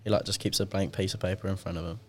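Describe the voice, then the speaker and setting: A young man with a lowish voice hosts a casual podcast. He talks loosely and swears a lot, telling stories and acting out both sides of each conversation. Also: steady tone, racing. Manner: laid-back, swears a lot, tells stories with acted-out dialogue. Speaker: podcast host.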